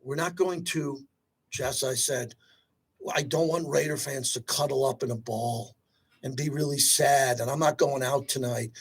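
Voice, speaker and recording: A man hosting a sports talk radio show, talking in an energetic, rapid-fire, conversational way. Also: medium pitch, slightly rough.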